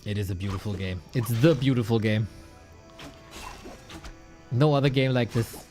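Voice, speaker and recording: An esports caster giving live commentary on a strategy game match, excitable and joking, thinking out loud between plays. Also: medium pitch, normal speed, long pauses, faint music behind.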